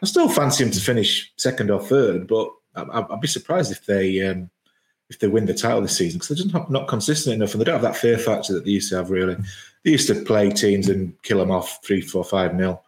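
Low-voiced man in a roomy space. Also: a little fast. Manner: hesitant opinion-giving with fillers. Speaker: football podcast panelist. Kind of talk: casual podcast chat.

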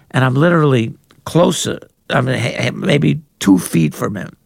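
An older man, an author and journalist, telling anecdotes in an animated way in a conversation and jumping into higher voices when he quotes people. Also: normal speed, vocal fry, dry recording, studio quality. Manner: animated raconteur, jumps into high-pitched voices for quoted people. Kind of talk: anecdotal storytelling in a podcast conversation.

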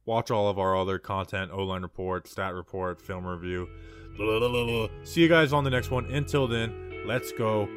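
A man's voice: lowish voice, fairly even intonation, normal speed, soft background music. A man co-hosting a football fan show, blunt and joking in casual chat, closing out the episode. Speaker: sports podcast co-host.

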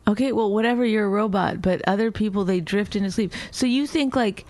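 A woman's voice: medium pitch, a little fast, darkish tone, no echo. A middle-aged woman co-hosting a podcast, bickering and teasing her partner, retelling things with exaggeration. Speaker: podcast co-host. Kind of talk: casual bickering chat.

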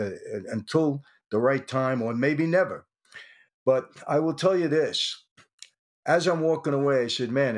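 An older man, an interview guest telling his story in an animated way and acting out the dialogue. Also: mid-range voice. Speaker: interview guest, former mobster.

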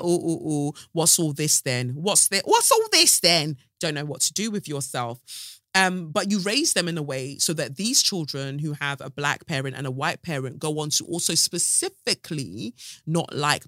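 A woman hosts a podcast, talking through the news in a casual, outspoken and sarcastic way. Her voice is bright and forceful. She is recorded close on a dry mic with no room sound. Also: deep voice, no room sound. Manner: outspoken, sarcastic, drops to asides. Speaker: podcast host. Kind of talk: casual commentary.

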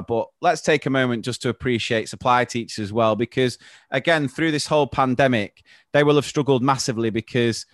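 A man hosting a podcast, telling chatty school anecdotes and laughing easily. His pitch sits in the middle. The sound is dry and close to the mic. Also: no echo. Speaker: podcast host, primary school teacher. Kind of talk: casual podcast chat.

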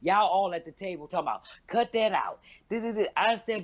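A woman's voice: expressive, brisk, hardly any pauses. Brash, profane woman comedian in her fifties. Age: 50s. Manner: loud, profane, acts out quotes with big pitch jumps. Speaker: stand-up comedian. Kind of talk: animated storytelling chat.

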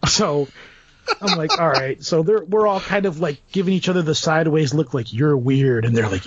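A man's voice: fairly high pitch, fairly quick, dry recording, muffled recording. Rambling man telling a story. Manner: rambling, animated anecdote with quoted asides. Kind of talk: casual storytelling.

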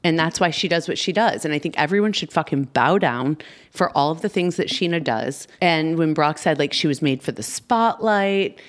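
A woman with a notably low voice hosts a casual podcast chat. She talks emphatically and gushes about what she loves, breaking into laughter often. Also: animated, normal speed. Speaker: podcast host.

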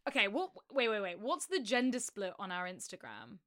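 A woman's voice: mid-range voice, sing-song, a little fast, a bit bright, dry recording, clean studio sound. A young British woman with a British accent co-hosting a podcast in frank, sweary, casual chat with frequent laughs. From Britain. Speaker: podcast co-host.

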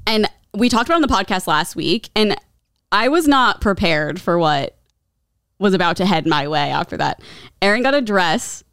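A woman co-hosts a podcast in casual chat, chatty and giggly, playfully trying out jokes. Her voice is medium-pitched, fairly bright, clear and resonant, with lively intonation and a moderate pace. The recording is dry and studio quality.

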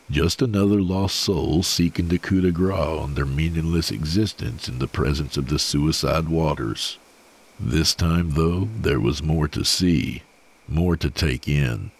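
A man reading a horror story aloud in a slow, measured, grim delivery. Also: extremely low pitch, breathy edge. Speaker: narrator.

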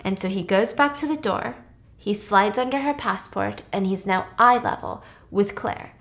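A woman's voice: mid-range voice, normal speed, vocal fry. A woman casually retelling a film plot, animatedly acting out the characters' lines. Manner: animated, acts out characters' lines in quoted voices. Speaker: storyteller recapping a film.

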